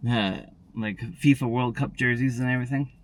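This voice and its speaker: In a daily vlog, a man chats casually with viewers, talking straight to them. He rambles and repeats words, constantly tacking on "and everything" and "tell you what." His pitch is medium, his intonation fairly even, and his speed normal.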